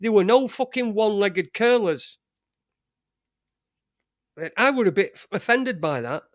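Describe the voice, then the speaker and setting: A man's voice: sits high, lively intonation, no echo, clean studio sound. Sweary rambling man. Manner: profane, rambling, halting with many restarts. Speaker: live show host. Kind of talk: casual live-stream rant.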